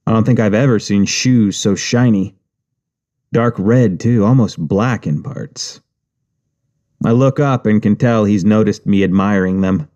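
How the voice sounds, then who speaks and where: Low, mellow man narrating wryly. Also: normal speed, muffled recording. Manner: wry, profane inner monologue. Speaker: audiobook narrator. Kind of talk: first-person audiobook narration.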